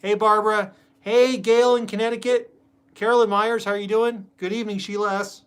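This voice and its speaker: A man's voice: sits high, level tone, a little fast, clear, resonant tone. Chatty man hosting a live stream. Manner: chatty, greets viewers by name, rambling with fillers. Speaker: host. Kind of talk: casual live-stream chat.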